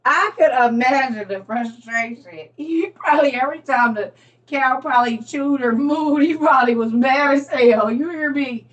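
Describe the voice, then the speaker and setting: A woman giving a casual, animated preaching talk on a livestream, laughing often as she dramatizes Bible stories. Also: high-pitched, moderate pace, recorded from a distance. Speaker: speaker on a faith livestream.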